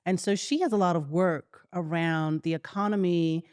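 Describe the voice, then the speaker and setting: A woman's voice: fairly low pitch, moderate pace, smooth, no room sound, studio quality. A woman in her forties, a podcast guest, talking casually and acting out quotes as she tells stories. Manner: animated storyteller, acts out quotes. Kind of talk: casual conversation.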